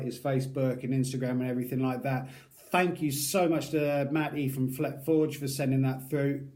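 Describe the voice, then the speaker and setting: Casual male product reviewer, rambling and self-mocking, voice a touch higher than most men. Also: a little mellow. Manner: chatty, self-deprecating, rambling.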